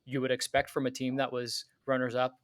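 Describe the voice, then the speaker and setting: A man co-hosting a soccer podcast, calmly breaking down tactics step by step in casual chat. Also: medium pitch, fairly quick, no echo, clean studio sound.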